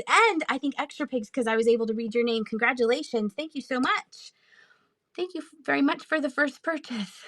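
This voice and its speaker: A woman hosting a casual live-stream sale, chatty and quick to laugh as she answers the chat. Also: sits high, sharp tone, no echo. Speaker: online live-auction seller.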